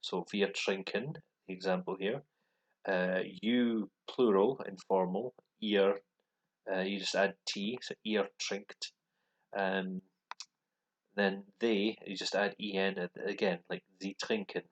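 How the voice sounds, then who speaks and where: A man with a Scottish accent and a deep, low voice walks through language exercises. He talks casually and hesitantly, often pausing on um and restarting his sentences. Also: fairly even intonation, rough recording. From Scotland. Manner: hesitant, many ums and restarts. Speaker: language learner vlogger. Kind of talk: casual explanatory walkthrough. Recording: voice with computer speakers playing.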